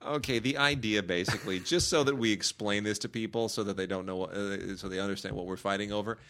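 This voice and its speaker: A man's voice: on the low side, steady tone, a bit bright. A man co-hosting a casual film review chat, enthusiastic and talking over his partner. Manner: enthusiastic, talks over partner, quick restarts.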